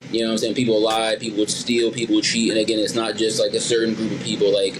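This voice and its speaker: A man's voice: lowish voice, completely flat delivery, fast talker, background noise. A man co-hosting a podcast in casual chat, blunt and slangy, leaning on "bro" and "you know what I'm saying.". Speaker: podcast co-host.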